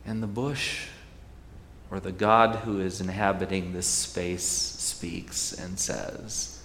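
A man's voice: low-pitched, fairly even intonation, takes it slowly, a bit bright, roomy sound, big-room sound, a little hiss or hum. A man preaching a sermon in a conversational, wry way, retelling scripture stories. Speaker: pastor.

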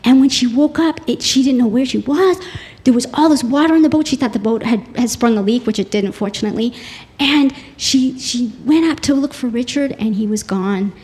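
A woman giving a devotional talk, retelling a dramatic story in an earnest, animated way with frequent restarts, then quoting scripture. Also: fairly high pitch, brisk. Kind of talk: storytelling sermon.

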